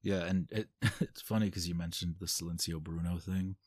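A man with a very low, husky voice talks openly in a relaxed podcast chat. He swears freely and breaks into laughter often. The sound is dry and close. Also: normal speed, dry recording. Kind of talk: casual podcast conversation.

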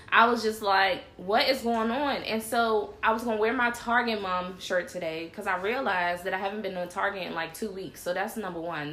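A woman hosting a casual livestream show, chatting in an animated way and calling her audience y'all. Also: mid-range voice, a little hiss or hum. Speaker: show host. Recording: roomy echo.

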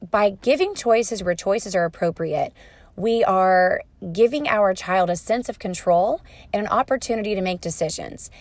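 Calm, patient woman giving parenting advice. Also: mid-range voice, moderate pace, no room sound. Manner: calm, patient, explanatory, soft-spoken at times. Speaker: parenting educator.

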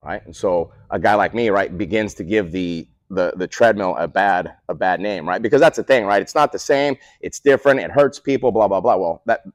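A man's voice: low voice, fairly quick, few pauses, dry recording. A man who co-owns a speed training facility, explaining training methods in a casual interview and checking in with "right?" after his points. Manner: peppers points with "right?" tag questions; animated, coach-like storytelling. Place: remote call.

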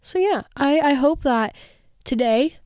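A woman's voice: sits high, animated, a little mellow, dry recording, clean studio sound. Bubbly young woman podcast co-host. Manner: bubbly, teasing, quick to laugh. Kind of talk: casual chat.

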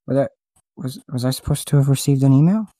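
A man's voice: medium pitch, quick pace, mellow, dry recording. A man hosting a comedy podcast, flustered and stammering through repeated restarts. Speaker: podcast host making prank-style calls. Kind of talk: comedic improvised podcast bit.

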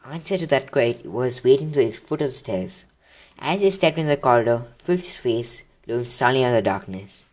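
A man's voice: medium pitch, expressive, moderate pace, darkish tone. Man, storybook read-aloud, casual, slips and restarts. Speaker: reader. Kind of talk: reading a children's book aloud.

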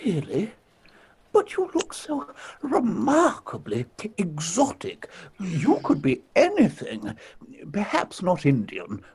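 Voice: medium pitch, huge pitch swings, takes it slowly, a little mellow, breathy edge, heavily acted. A performer playing a frail, posh director in his eighties who talks in a doddering, courtly and tactless way. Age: 80s. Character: frail posh elderly male film director.

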